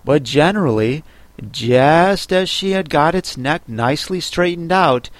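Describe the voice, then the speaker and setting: A man narrating a children's classic in an expressive, unhurried storybook reading. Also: a little high, dry recording. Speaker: audiobook narrator.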